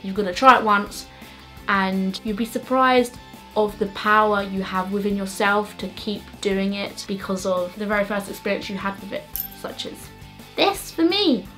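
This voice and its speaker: A woman answering viewer questions in a casual vlog to camera, chatty and self-mocking, with quick joking asides. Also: medium pitch, fairly bright tone, faint music behind.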